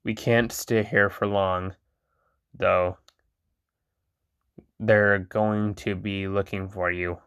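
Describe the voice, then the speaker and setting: Worried caring teen girl, man reading her lines, soft, low flat tone. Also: takes it slowly, pauses often, clear, resonant tone, no echo, studio quality. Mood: concerned. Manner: soft, concerned.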